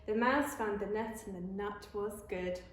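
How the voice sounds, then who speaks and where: Slow, expressive woman reading a picture book. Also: medium pitch. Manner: slow, expressive read-aloud. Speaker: primary school teacher. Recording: echoey room.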